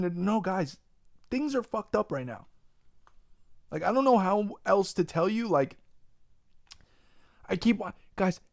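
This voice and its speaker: A man's voice: high-pitched, normal speed, vocal fry, pauses often, no echo. Ranting New man, dry close sound. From Long Island, New York. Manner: profane, animated ranting, says "bro" a lot. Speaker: podcast host. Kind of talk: casual podcast chat.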